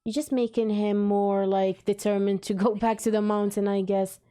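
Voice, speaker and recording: A woman's voice: medium pitch, little pitch movement, normal speed, warm tone. A woman hosting an anime reaction video, talking to herself casually with frequent emotional exclamations. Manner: emotional, exclaiming, thinks aloud.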